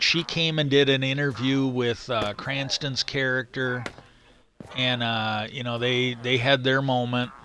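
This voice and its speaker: A man's voice: medium pitch, sharp tone. A middle-aged man chatting casually on a live stream while gaming, retelling a story in a rambling, stop-start way.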